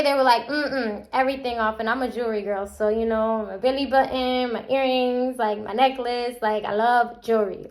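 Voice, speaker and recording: A woman's voice: fairly high pitch, moderate pace. Chatty young woman telling a story. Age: young adult. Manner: animated, acts out quotes with a chatty run-on delivery. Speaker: vlogger. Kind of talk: casual storytime.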